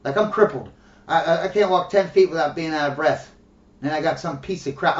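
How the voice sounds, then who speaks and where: A man with a fairly high voice rants sarcastically and profanely, stumbling over repeated words as his anger builds. He sounds distant from the mic in an echoey room. The audio is dull and lo-fi. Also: a little fast. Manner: angry, profane and sarcastic, with repeated stammering restarts. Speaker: video blogger. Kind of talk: ranting monologue to camera.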